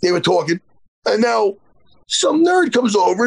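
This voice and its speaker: A man's voice: high voice, very animated, moderate pace, vocal fry, husky, dry recording. A man in his forties, a jiu-jitsu instructor, telling a story in casual podcast chat and swearing freely. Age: 40s.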